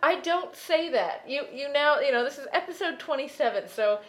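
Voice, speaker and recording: A Canadian woman co-hosting a podcast, her voice sitting a little high. She talks in a wry, teasing way and leans hard on the points she wants to make. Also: lively intonation, moderate pace. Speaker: podcast co-host. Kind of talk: casual chat.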